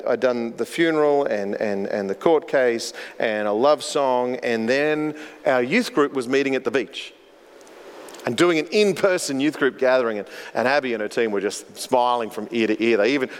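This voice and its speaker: A man preaching a sermon as pastor, earnest and storytelling, often repeating words as he goes. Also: mid-range voice. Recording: long hall reverb.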